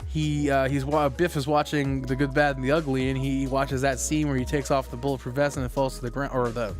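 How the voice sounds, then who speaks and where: A man co-hosts a relaxed podcast and talks in loose, rambling sentences full of fillers and restarts. His voice sits at an ordinary middle pitch. A faint music bed plays under the chat. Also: fairly quick. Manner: rambling, many restarts and fillers, laughs often. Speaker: podcast co-host. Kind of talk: casual chat.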